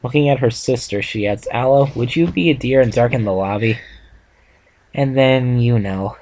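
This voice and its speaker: A man's voice: medium pitch, normal speed, a little mellow, poor audio. Young man reading a fan story aloud. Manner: reads aloud with stumbles and asides. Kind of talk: casual reading and reaction chat.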